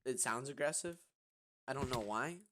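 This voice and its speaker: A man's voice: medium pitch, normal speed, fairly bright tone. A young man telling a story casually while gaming, rambling with lots of fillers and restarts. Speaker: vlogger. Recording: noisy recording with clicking.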